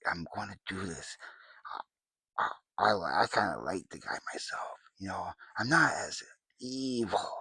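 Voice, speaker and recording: A man doing a gravelly whispering trickster. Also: lowish voice, bright, forceful tone, dry recording, full character voice. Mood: conspiratorial. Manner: conspiratorial whisper rising to gleeful boasting. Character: sly scheming male trickster spirit. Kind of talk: comedic character monologue.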